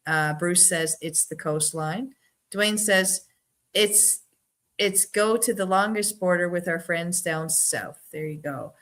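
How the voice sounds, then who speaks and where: Slow-talking Newfoundland woman hosting trivia. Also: lowish voice, a bit bright. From Newfoundland, Canada. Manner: chatty and giggly, teasing viewers by name. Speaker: live stream trivia host. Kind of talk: casual live-stream trivia hosting, reading viewer answers aloud.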